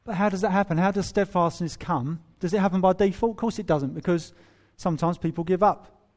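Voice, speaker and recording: A man preaching a sermon in a humorous, animated way, acting out quoted voices. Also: high voice, brisk. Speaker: pastor.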